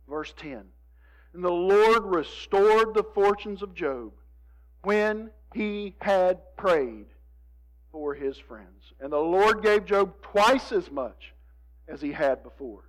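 A man preaching a sermon, moving between hushed, drawn-out lines and emphatic appeals to his congregation. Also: high voice, rough recording. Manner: dramatic, swings from hushed to emphatic, addresses congregation. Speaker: pastor.

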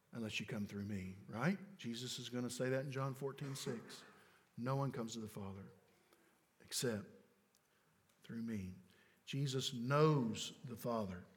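A man preaching a sermon in an emphatic way, building to loud declarations. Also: medium pitch. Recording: long hall reverb.

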